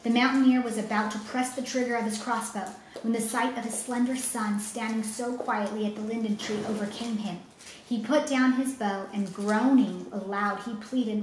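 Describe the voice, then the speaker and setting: A woman telling a children's story with dramatic, expressive reading. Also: a little high, moderate pace, a little hiss or hum. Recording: roomy echo, faint ambience.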